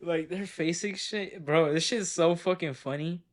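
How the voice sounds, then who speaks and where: A man of twenty chatting casually on a podcast, with easy, relaxed replies and joking stories. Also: a little high. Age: 20s. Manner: relaxed, quick back-channel replies. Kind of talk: casual chat.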